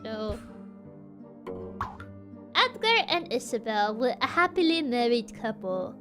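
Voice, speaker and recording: A woman streamer chats through a game in a high, lively voice that swoops up and down. She talks in an unhurried way, giggles a lot and thinks out loud. Faint music plays behind her. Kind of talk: casual gameplay commentary.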